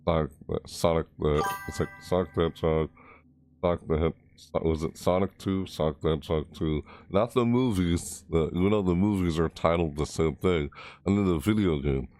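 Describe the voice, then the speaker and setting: A man's voice: sits low, normal speed, darkish tone. A man chatting casually on a live stream, rambling, reading chat messages aloud and chuckling.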